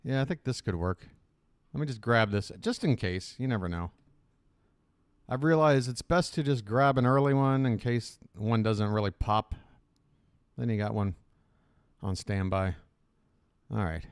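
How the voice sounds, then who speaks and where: A man's voice: on the low side, unhurried, clear, resonant tone, no room sound, studio quality. A man hosting a live reaction stream, chatting casually and joking, with a slight lisp and self-conscious asides.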